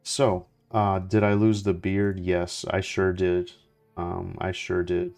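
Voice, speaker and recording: Low-voiced man, casual gaming chat. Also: slow, creaky, faint music behind. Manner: relaxed, rambling with many fillers and restarts. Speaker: gaming streamer. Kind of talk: casual gameplay commentary.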